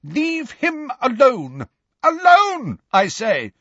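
Stern older witch professor, shouting and indignant, pitched far up, as a male narrator puts her on. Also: wildly swooping pitch, very slow, breathy edge, no echo, dull audio, full character voice. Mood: outraged.

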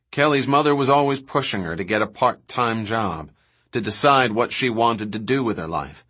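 Guy reading a novel aloud, calm and steady, kinda husky, lowish voice. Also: moderate pace. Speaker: audiobook narrator. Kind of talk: scripted narration.

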